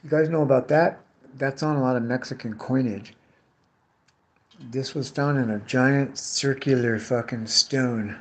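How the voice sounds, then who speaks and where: Cutting bottles on his vlog, a middle-aged man who does tree care work chats in a casual ramble, cursing heavily while ranting about former bosses and crews. His mid-range voice is unhurried.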